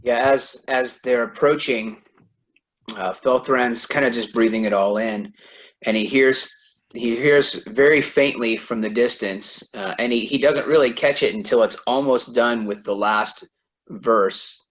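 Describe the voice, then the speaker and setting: A man's voice: mid-range voice, unhurried, a bit bright, rough recording. A man playing a tabletop game, describing his character's actions in a hesitant way with many fillers. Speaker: player. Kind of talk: casual in-character play narration.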